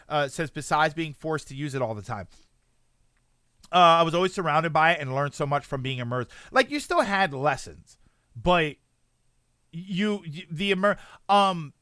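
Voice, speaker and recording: Lively, bright-voiced man streamer. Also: a little high, smooth, no echo, clean studio sound. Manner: chatty, rambling, self-correcting, lively. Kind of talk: casual chat while gaming, answering chat.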